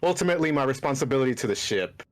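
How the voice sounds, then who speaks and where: A man's voice: mid-range voice, lively intonation, racing. A man playing a tabletop role-playing game, describing his character's actions in a laid-back, rambling way. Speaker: player.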